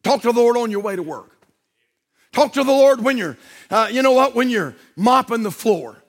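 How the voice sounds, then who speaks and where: A man's voice: extremely high pitch, expressive, normal speed. A male pastor preaching a sermon in a folksy, conversational way that builds in intensity.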